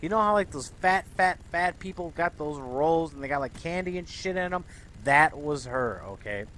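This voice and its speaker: A young man tells his stories in a fast, animated, exasperated rant full of swearing. His voice sits a little high for a man. A faint hiss runs under the recording. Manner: profane, exasperated, animated ranting. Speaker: commentary vlogger. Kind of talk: ranting storytelling monologue. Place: Chicago area.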